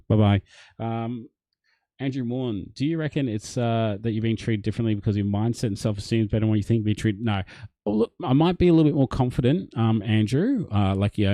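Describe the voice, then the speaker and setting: A man's voice: fairly low pitch, mellow, no room sound. A young Australian man hosting a casual livestream, chatting matily as he reads out and answers viewer comments. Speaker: livestream host.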